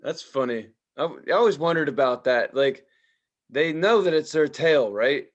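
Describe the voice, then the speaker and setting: A man co-hosting a podcast, telling stories in casual chat, swearing freely and loudly imitating the people in them. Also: on the high side, normal speed, dull audio. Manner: animated storyteller, mimics others loudly, swears freely. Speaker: podcast co-host.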